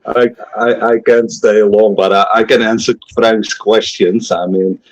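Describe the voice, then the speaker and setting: A man's voice: fairly low pitch, level tone, a little slow, lo-fi sound. A young adult man in a casual online group chat, blunt and swearing freely.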